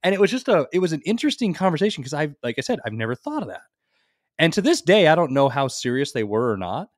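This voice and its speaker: A man co-hosting a podcast, telling rambling, animated anecdotes in casual chat. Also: fairly high pitch, fast talker, no echo, studio quality. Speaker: podcast co-host.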